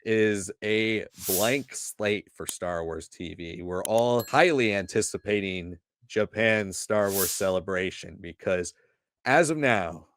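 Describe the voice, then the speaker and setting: A man co-hosting a casual livestream chat, giving a brisk, organized rundown. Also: lowish voice, a bit bright, no room sound. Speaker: co-host.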